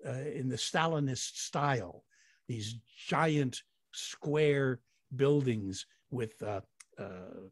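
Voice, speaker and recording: A man's voice: mid-range voice, dry recording, studio quality. An older man, a guest actor, telling long rambling anecdotes in an interview with chuckles along the way. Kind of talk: storytelling in an interview.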